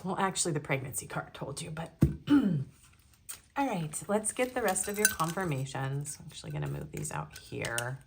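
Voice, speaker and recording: Low-voiced young woman doing a chatty tarot love reading, giggly asides, bit of faint hiss. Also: big pitch swings, moderate pace. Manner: chatty, giggly asides between reading card messages aloud. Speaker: tarot reader. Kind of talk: casual pick-a-card love reading.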